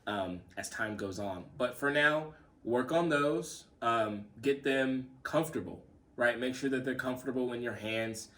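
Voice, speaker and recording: A man's voice: medium pitch, unhurried, far from the mic. A man giving a casual drum lesson, calling out the sticking and explaining as he plays. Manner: relaxed, repeats himself, counts stickings aloud. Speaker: drum teacher. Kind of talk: casual spoken lesson with demonstrations.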